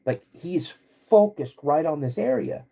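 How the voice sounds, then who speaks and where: A man hosting a podcast, recounting a personal encounter in a halting way, often restarting and searching for words. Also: a little high, expressive, gravelly, dark tone. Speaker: podcast host.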